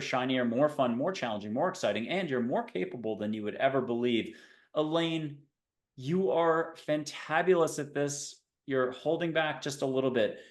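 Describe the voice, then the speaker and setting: Enthusiastic male talk show host, roomy sound. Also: medium pitch. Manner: enthusiastic, rambling, playful wordplay. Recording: roomy echo.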